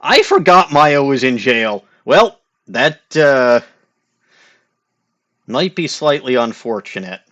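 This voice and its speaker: A man's voice: medium pitch, very animated, takes it slowly, pauses often, fairly bright tone, dull audio. A man hosting a video game let's play, giving casual commentary in a rambling, sarcastic way. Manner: rambling, sarcastic, with many fillers and restarts.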